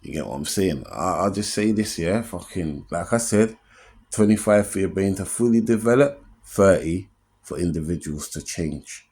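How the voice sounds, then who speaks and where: A man's voice: low voice, lively intonation, moderate pace, darkish tone, breathy edge. A man, hosting his own opinion show as a comedian and giving an earnest, streetwise motivational monologue. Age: 40s. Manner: streetwise, earnest, keeps asking "you know what I mean?".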